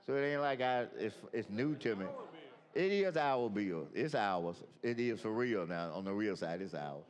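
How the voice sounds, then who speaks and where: A man with a drawl talks off the cuff at a floor mic, folksy and rambling, doubling back on himself. His voice sits a touch low and rings with a long reverb through a large legislative chamber. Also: expressive, normal speed. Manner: loose, folksy, rambling with many restarts. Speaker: state senator. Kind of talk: informal remarks on the chamber floor. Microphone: floor microphone.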